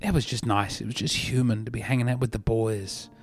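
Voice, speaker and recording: A man's voice: mid-range voice, fairly even intonation, a little fast. An Australian man hosting a comedy podcast, telling meandering stories in a dry, self-mocking way. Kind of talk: rambling comedic podcast monologue.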